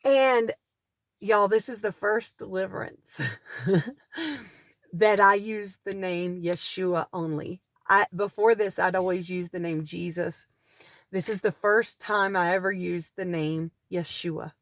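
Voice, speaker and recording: A woman's voice: mid-range voice, slow pace, no echo. Earnest woman telling a testimony. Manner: earnest, animated storyteller who acts out cries. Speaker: deliverance minister. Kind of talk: personal testimony storytelling. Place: parked car.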